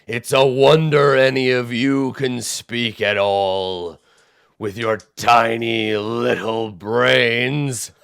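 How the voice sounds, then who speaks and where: A man voicing a huge, hungry, mocking male cyclops giant in a tabletop game, drawling his words slowly. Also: steady tone, gravelly, a bit bright, smooth. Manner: slow drawling booming delivery. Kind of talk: tabletop game role-play.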